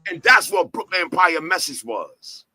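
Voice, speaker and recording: Hosting his own company's talk show, an entertainment-company boss preaches with profanity and fire, repeating lines and firing off rhetorical questions. He speaks at a moderate pace in a high, bright, forceful voice with vocal fry and wildly swooping pitch. The recording is low quality, with slight background noise.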